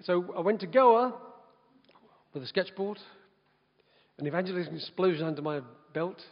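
A man telling his personal testimony as an evangelist, lively and often breaking into laughter. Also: sits high, moderate pace. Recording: dull sound with long hall reverb.

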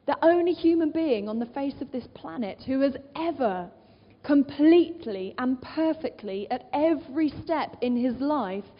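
A woman gives an earnest sermon in a high voice, often turning to her listeners with rhetorical questions. Her voice rings out with a long reverb of a large hall. The sound is muffled and dull. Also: breathy edge. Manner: earnest, rhetorical questions, quoting scripture aloud. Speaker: preacher.

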